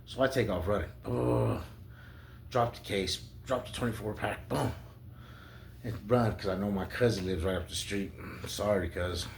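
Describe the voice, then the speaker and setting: Profane man telling a rough story. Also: lowish voice, normal speed, slight background noise. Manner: profane, rambling, animated. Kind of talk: casual storytelling.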